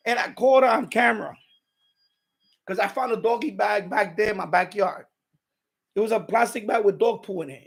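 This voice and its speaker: A man hosting a livestream, casually and bluntly retelling a quarrel with a neighbor, with profanity and animated quoted lines. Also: high-pitched, gravelly, breathy edge. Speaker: radio hobby livestream host.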